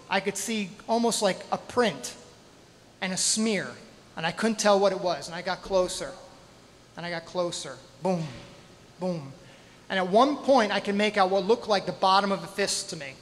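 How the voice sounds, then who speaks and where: A man performing a true story live on stage, dramatic, with pauses, spoken sound effects and self-deprecating humor. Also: high voice, fairly bright tone. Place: stage in a hall at a storytelling night. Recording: hall reverb, faint ambience.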